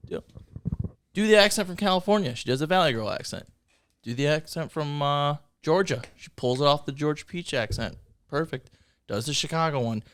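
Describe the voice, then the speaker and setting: A man's voice: a little high, lively intonation, a little fast, fairly bright tone, smooth. A man from Michigan co-hosting a casual movie podcast, blunt and swearing freely as he rants playfully. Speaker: podcast co-host.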